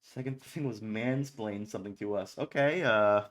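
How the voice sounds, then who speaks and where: A man's voice: fairly low pitch, normal speed. A man in his thirties hosting a radio-style stream, talking casually between songs in a rambling, offhand way, swearing often and making self-mocking jokes. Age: 30s. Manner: self-mocking, joking asides. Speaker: online radio stream host.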